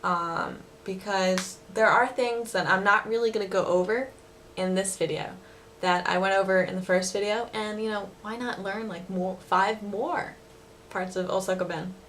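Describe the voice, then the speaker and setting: A woman's voice: mid-range voice, fairly even intonation, moderate pace, a bit bright, a little hiss or hum. A woman giving a casual video lesson on dialect phrases, chatty and giggly, with lots of fillers. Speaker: language vlogger teaching dialect phrases.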